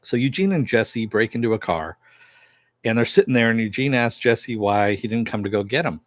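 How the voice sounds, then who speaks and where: A man's voice: medium pitch, expressive, normal speed, no echo. A man reviewing a TV episode, casually retelling the plot in a loose, rambling way and chuckling now and then. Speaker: TV series reviewer.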